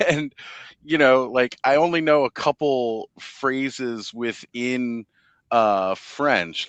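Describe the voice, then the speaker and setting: Male host, mid pitch, jokey storyteller, dry close mic. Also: very slow, fairly bright tone, no room sound, highs cut off. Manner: jokey, laughs at his own stories. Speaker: live stream host. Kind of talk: casual chat, storytelling.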